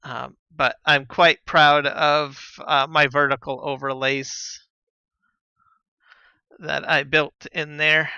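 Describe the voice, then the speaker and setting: A man chatting casually on a live gaming stream, relaxed and rambling with lots of fillers and soft chuckles, on a slightly dull lo-fi mic. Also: on the high side, very slow, pauses often, clear, resonant tone, no room sound. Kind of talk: casual live-stream chat while playing.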